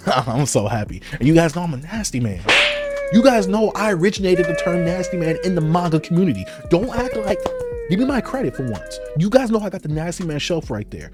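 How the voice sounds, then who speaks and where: A young man unboxing manga in an excited, playful casual vlog, exclaiming and joking. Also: a little high, brisk, over loud music. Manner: hyped, playful, exclamatory with laughs.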